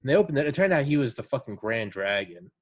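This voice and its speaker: A man's voice: mid-range voice, very animated, fast talker. A man in casual podcast chat, telling profane stories and quoting friends' voices. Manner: profane, storytelling with quoted voices.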